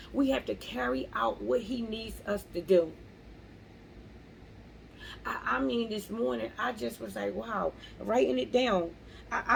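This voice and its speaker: Woman, gravelly fry, fairly high voice, earnest faith talk, repeats lines, faint background noise. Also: poor audio. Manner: earnest, repeats phrases for emphasis. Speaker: motivational vlogger. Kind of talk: casual faith-based encouragement.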